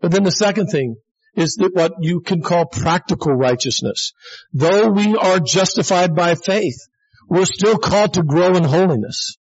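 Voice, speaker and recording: In a dull lo-fi recording, a man in his sixties preaches in an earnest, conversational, plain-spoken manner, addressing the congregation as folks. His high-pitched voice is slightly rough, at normal speed.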